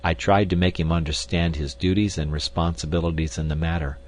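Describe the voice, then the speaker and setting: A man narrating a classic novel in the first person, measured and dramatic. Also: low-pitched, fairly even intonation, a little mellow, slight background noise. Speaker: audiobook narrator.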